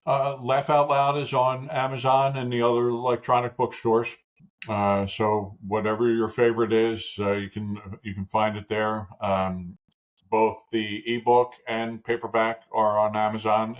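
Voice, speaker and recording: Flat-voiced older man on dull audio. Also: on the low side, normal speed. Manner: flat, plain, with many "uh" fillers. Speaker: podcast guest, author. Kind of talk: casual interview talk.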